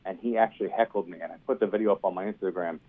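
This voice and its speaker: A stand-up comedian from New York, a man, telling stories quickly and with self-deprecating humor in a casual interview. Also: sits low, fairly even intonation, husky. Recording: tinny phone-like sound.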